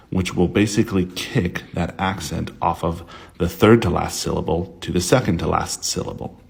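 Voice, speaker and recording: A man teaching grammar to camera in an unhurried way, with frequent ums and uhs. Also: deep voice, gravelly, darkish tone, slightly rough. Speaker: language tutor.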